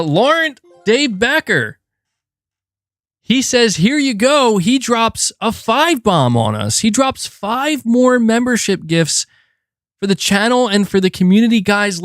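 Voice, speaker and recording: A man hosting a casual gaming live stream, reading and answering super chats in a chatty, animated way with frequent fillers. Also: high-pitched, takes it slowly, no room sound, clean studio sound. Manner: chatty and animated, thanks donors, frequent fillers and self-corrections. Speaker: gaming channel host.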